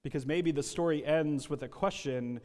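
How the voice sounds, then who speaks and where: A man's voice: a little high, normal speed, darkish tone. A man preaching a sermon, telling a story with acted-out quotes and some repeated words. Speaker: pastor. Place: church sanctuary. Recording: long reverb of a church hall.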